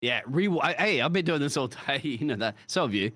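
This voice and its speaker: An Australian man commenting on a sim racing broadcast, joking and laughing often, with excitable jumps in pitch. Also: brisk, dry recording, clean studio sound. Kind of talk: live race commentary banter.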